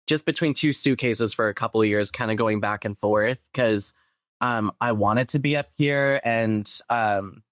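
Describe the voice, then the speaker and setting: A man's voice: fairly low pitch, measured pace, no room sound, clean studio sound. A young man from San Diego, a guest on a podcast, chatting casually and telling stories with a laugh. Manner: chatty, laughs often, animated storytelling. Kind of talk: casual chat.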